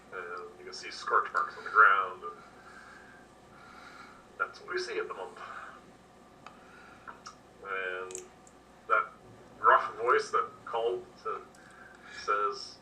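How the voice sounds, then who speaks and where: A man's voice: deep voice, fairly even intonation, slow, pauses often, pushed and bright. A man narrating as game master, describing scenes in an easygoing way with lots of fillers. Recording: distant mic with faint noise.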